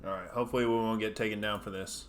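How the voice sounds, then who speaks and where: A man's voice: fairly low pitch, steady tone, very fast, background noise. A man in his thirties hosting a comedy livestream, ranting loosely, swearing and reading out chat messages. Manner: profane, ranting, loose and jokey. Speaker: comedian host.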